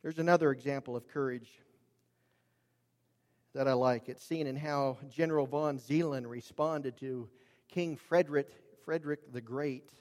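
A man's voice: medium pitch, steady tone, normal speed, darkish tone. Earnest male preacher in a reverberant hall. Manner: earnest, emphatic, varies volume for drama. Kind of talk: sermon. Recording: long reverb of a large hall.

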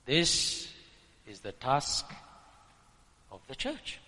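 A man preaching a sermon, building emphatic lists and rising to shouts at the peaks. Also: mid-range voice, huge pitch swings, very slow. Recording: long hall reverb.

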